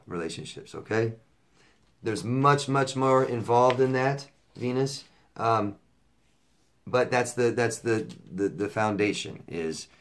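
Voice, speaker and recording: A middle-aged man coaching viewers in a casual advice monologue, blunt and repetitive, swearing when riled up. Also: lowish voice. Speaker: relationship coach answering viewer questions.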